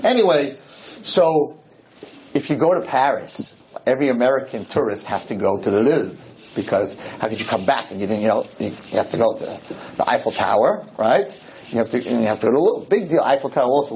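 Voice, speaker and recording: A man giving a humorous storytelling lecture to a live audience, talking in an animated, joking way with sudden jumps in pitch. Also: a little hiss or hum, low-quality recording.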